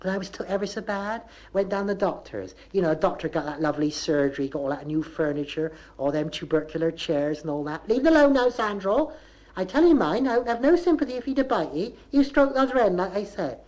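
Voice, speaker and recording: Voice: mid-range voice, fairly even intonation, a little fast, few pauses, a little mellow, close to an everyday voice. A comic performer voicing a rambling Bristol housewife and mum who keeps scolding her dog, on a 1970s comedy record.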